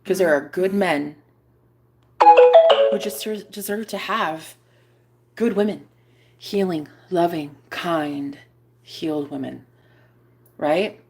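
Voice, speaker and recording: A young woman vlogging in a casual, rambling chat, cursing freely and breaking into high, exclaiming rants. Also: slow pace, pauses often, darkish tone, slight background noise.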